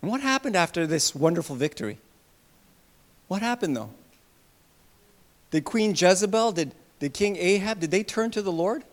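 A man preaching a sermon to his congregation, animated, with loud bursts and soft asides. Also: sits high, moderate pace, long pauses. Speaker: pastor.

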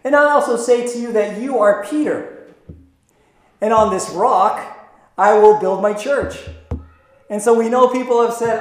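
A man with a high voice preaches a sermon in a chatty, playful way. His voice rings through an echoey room. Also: a little slow, long pauses. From Philippines. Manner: conversational preaching with playful asides. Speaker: pastor.

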